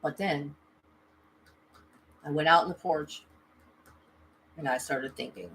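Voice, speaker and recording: Unhurried and pausing often, a woman with a mid-range voice hosts a spiritual livestream from home, speaking to her camera over slight background noise. Her casual storytelling is chatty and full of swearing, punctuated by check-ins like "okay" and "right."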